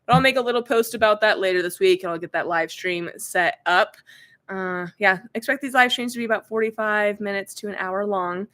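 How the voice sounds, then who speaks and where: A woman's voice: mid-range voice, brisk, fairly bright tone. A woman hosting a casual livestream, giggly and chatty as she banters with her ventriloquist puppet.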